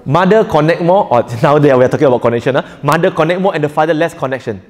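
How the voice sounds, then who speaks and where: A man's voice: a little high, expressive, fast, in a large hall. A man teaching a live audience in an interactive lecture, joking often and quizzing listeners. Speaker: preacher teaching a workshop.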